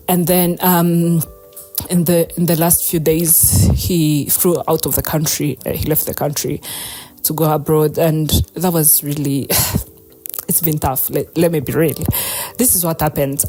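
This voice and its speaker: A woman's voice: deep voice, warm tone. A young adult woman hosting a podcast, telling a personal story in a rambling, chatty way, laughing often and swearing casually. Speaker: podcast host.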